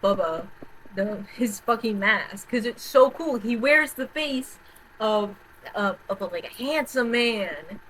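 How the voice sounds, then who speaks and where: A woman vlogger in a casual, rambling rant, often repeating herself and swearing, swinging between loud outbursts and quiet mutters. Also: a little high, expressive, slow, a little hiss or hum, poor audio. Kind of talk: casual rant about horror movies.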